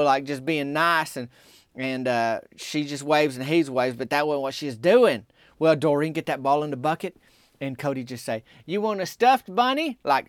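A man's voice: no echo, studio quality. Folksy man spinning a story. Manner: rambling Southern small-town drawl, voices quoted folks by raising pitch. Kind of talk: folksy comic storytelling monologue.

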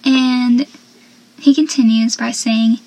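A young woman casually recapping a TV episode, chatty and laughing often, with animated asides. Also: a little high, slow, poor audio.

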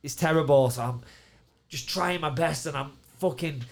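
A man's voice: a little high, moderate pace, vocal fry. A man telling a rambling, sweary anecdote in casual podcast chat, often laughing.

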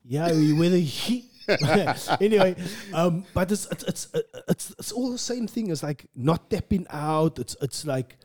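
A man's voice: a little high, animated, unhurried, few pauses, darkish tone. A man who does stand-up comedy, talking earnestly in a casual podcast chat, repeating words and calling his friend bro.

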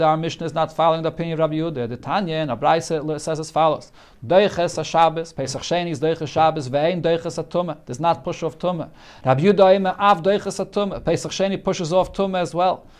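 A man teaching a Talmud class, with a voice pitched somewhat high for a man. He reads out a short phrase of the text, then explains it in plain English. He often restarts a sentence partway through. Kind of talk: Talmud lesson, translating Hebrew and Aramaic phrase by phrase.

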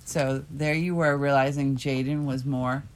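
Low-voiced woman in gentle heart-to-heart. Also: steady tone, measured pace, slight background noise. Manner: gentle, reflective, soothing. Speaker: friend sharing personal story. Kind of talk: casual heart-to-heart chat. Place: bedroom, in bed.

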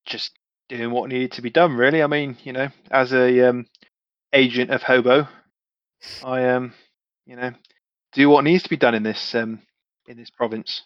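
In tabletop role-play, a male player stays in character for swearing, matey, easygoing banter. He speaks at normal speed with frequent pauses, using a clean mid-range voice with fairly even intonation, recorded dry and slightly muffled with no room sound.

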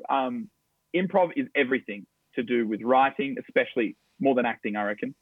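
A man's voice: mid-range voice, fairly quick, breathy edge, no room sound. Young Australian male actor, upbeat storyteller, dry phone-line sound. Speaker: guest, stage actor. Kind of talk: casual interview chat.

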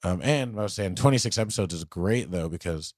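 A man co-hosting a casual anime podcast, talking loosely with slang and swearing, acting out quick quotes from the shows. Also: sits low, animated, a little mellow, dry recording, clean studio sound. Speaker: podcast co-host.

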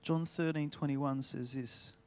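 Male Australian preacher, slightly high voice, relaxed storytelling sermon with slow emphasis. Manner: storytelling, slows down to stress key words. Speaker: pastor.

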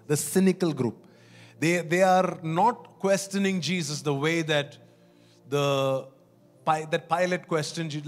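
A man preaching a sermon in an earnest, pleading way, often repeating and restarting phrases. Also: a little high.

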